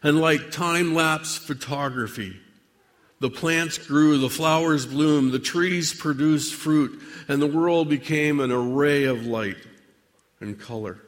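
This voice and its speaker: A man preaching a dramatic sermon monologue addressed to God, with measured, theatrical delivery and long pauses. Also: fairly high pitch, in a large hall.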